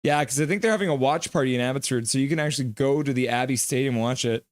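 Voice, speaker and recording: A man hosting a live hockey reaction stream, calling plays and reading out chat messages with excitement. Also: medium pitch, rapid-fire, no room sound, studio quality. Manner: excitable, chatty, reads chat aloud.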